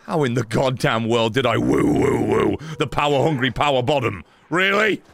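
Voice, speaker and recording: A man doing gameplay commentary, loud and sarcastic, swearing and shouting at the game. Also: medium pitch, normal speed, creaky. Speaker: gaming streamer.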